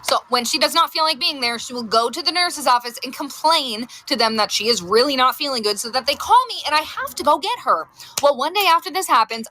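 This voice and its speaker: A middle-aged woman telling funny personal stories in a casual, animated way, often laughing. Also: sits high, dry recording. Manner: lively, laughing between lines. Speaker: storyteller. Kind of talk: casual anecdote.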